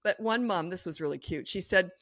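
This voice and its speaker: A middle-aged woman speaks with a blunt, no-nonsense directness, her voice sitting a little low for a woman. She tells her stories in a lively way as a podcast guest. The recording is close and dry, with no room echo. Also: fairly quick. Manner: lively, acts out quoted voices. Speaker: parenting coach guest. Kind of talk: podcast interview.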